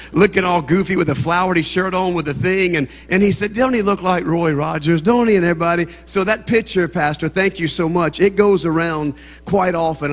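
Folksy Southern preacher, big hall echo. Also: male voice, on the high side. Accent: Southern American. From American South. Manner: folksy, joking, rising to fervent preaching. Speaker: guest preacher. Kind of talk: humorous sermon opening. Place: church sanctuary. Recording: long church reverb.

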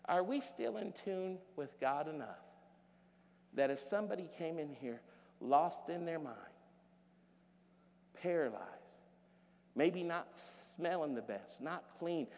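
A man pastor preaching a sermon, rising to loud shouted peaks and dropping to quiet storytelling. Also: a little high, takes it slowly, long pauses, in a large hall.

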